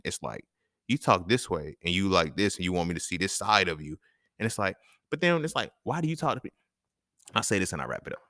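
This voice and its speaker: A man's voice: deep voice, creaky, sharp tone, no room sound, studio quality. A man hosting his own talk show, delivering a casual, profane monologue full of slang and laughter. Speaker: podcast host.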